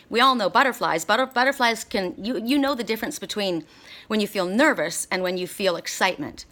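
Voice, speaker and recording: A woman's voice: medium pitch, a little fast, bright, forceful tone. A woman doing a spiritual oracle card reading, talking earnestly and encouragingly, often repeating her words.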